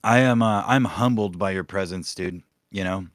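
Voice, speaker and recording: A man's voice: sits low, moderate pace, no room sound. A man hosting a casual livestream podcast, talking in a rambling, profane, sarcastic way into a close microphone. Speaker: podcast host.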